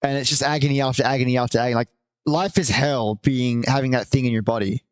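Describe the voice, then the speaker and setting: A man hosting a live stream, chatting casually and warmly with viewers and reading aloud, with the odd swear. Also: medium pitch, fairly even intonation, fast, no echo. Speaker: livestream host.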